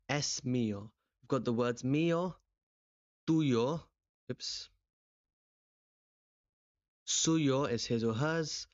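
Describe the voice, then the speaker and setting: A young man teaching a language revision lesson, explaining step by step and putting quick questions to the viewer. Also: medium pitch, no room sound. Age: young adult. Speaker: language tutor. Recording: dull, slightly lo-fi close recording.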